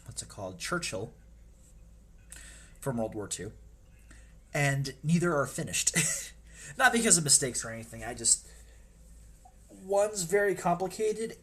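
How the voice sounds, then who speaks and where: A man's voice: medium pitch, slightly rough. A man live-streaming himself painting miniatures, rambling casually and joking at his own expense, sometimes murmuring under his breath. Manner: rambling, self-mocking, drops into whispers while concentrating.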